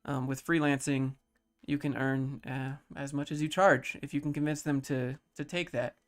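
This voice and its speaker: A man in his thirties reads chat questions aloud on a casual livestream and answers them in a mellow, low-key way. His tone stays steady and he speaks at a normal speed.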